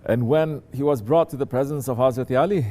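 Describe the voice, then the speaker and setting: A sheikh teaches his disciples in a conversational sermon, often turning to ask listeners whether they understand. His voice is medium-pitched, brisk and warm in tone.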